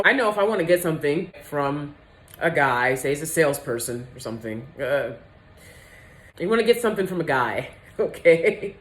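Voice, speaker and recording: Low-voiced woman vlogger, candid and lively. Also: normal speed. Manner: candid, animated, laughs often. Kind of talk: casual vlog monologue.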